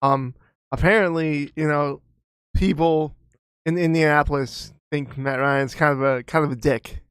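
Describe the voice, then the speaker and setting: A man's voice: fairly high pitch, steady tone, unhurried, fairly bright tone, smooth, no room sound, clean studio sound. A man co-hosting a football podcast, talking casually, stammering into his points and acting out quotes. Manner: stammering restarts, acts out quotes. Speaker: podcast co-host. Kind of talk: casual sports chat.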